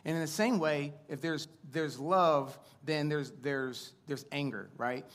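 A man's voice: fairly high pitch, measured pace, fairly bright tone. A man in his thirties giving a sermon on a church stage, chatty and upbeat, telling stories with plenty of fillers and asides to the crowd. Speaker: guest preacher. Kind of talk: sermon with casual storytelling. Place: church sanctuary before a congregation.

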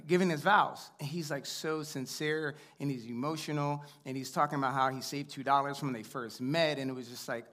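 Man, 30s, guest preacher, slightly high voice, chatty, upbeat, church stage mic. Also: a bit bright. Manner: chatty, upbeat, fillers and audience asides. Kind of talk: sermon with casual storytelling. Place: church sanctuary before a congregation.

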